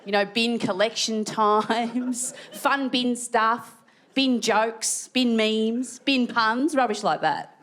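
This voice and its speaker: A woman with an Australian accent tells stand-up stories slowly, her high-leaning voice steady and fairly bright, though she breaks into shrieked, acted-out quotes. The set takes place on a large theatre stage, and the audience can be heard laughing.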